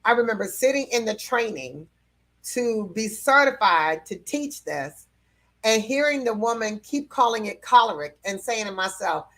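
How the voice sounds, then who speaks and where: A woman's voice: fairly high pitch, expressive, moderate pace, a bit bright. Woman teaching in a chatty, laughing way. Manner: conversational, with frequent fillers and light laughs. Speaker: personality temperament teacher. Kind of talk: casual teaching talk.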